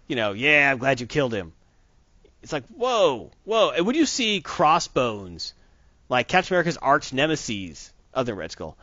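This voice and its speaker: A man's voice: medium pitch, fairly bright tone, dry recording. A man reviewing a comic book in a casual podcast chat, rambling and opinionated. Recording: dull dry lo-fi recording.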